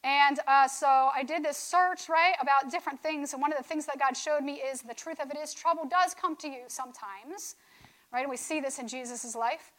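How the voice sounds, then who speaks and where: A woman's voice: high-pitched, moderate pace, fairly bright tone, rough recording. A woman teaching from scripture in a conversational sermon style, often checking in with "right?". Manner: conversational, keeps asking "right?". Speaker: speaker on faith.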